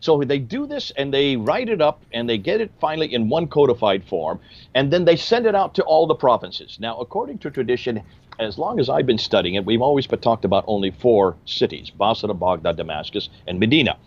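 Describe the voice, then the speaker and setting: A man's voice: medium pitch, big pitch swings, a little fast, dull audio. A man giving emphatic, lecture-style commentary and asking rhetorical questions.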